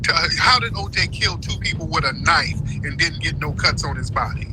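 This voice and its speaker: A man's voice: a little high, animated, a little fast, background noise. A man hosting a live-stream debate, emphatic and insistent, with a preachy way of making his points. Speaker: host.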